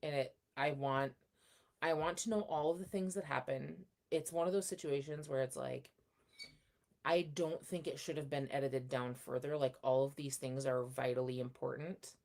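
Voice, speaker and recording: A woman's voice: extremely low pitch, fairly even intonation, moderate pace, a little mellow. A young woman hosting a casual livestream, chatting and reading out viewer comments in a rambling, friendly way. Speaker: livestream host. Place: home room.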